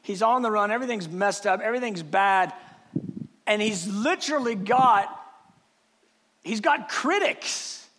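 A man preaching a passionate sermon, swinging between shouting and hushed, lowered speech. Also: animated, unhurried, long pauses.

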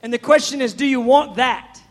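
Guy preaching a sermon, really high voice for a man, fired up and chatty, wanders off on tangents. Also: moderate pace. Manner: fervent, conversational and rambling.

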